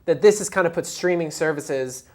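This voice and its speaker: Low-voiced young woman gushing on a talk show. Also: moderate pace, darkish tone. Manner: bubbly, gushing, filler-heavy. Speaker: co-host. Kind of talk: casual entertainment chat.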